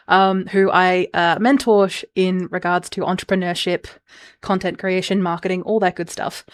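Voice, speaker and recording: Chatty woman podcast host. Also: medium pitch. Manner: chatty and candid, with frequent asides and laughs. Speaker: podcast host and personal brand coach. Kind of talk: casual solo podcast talk.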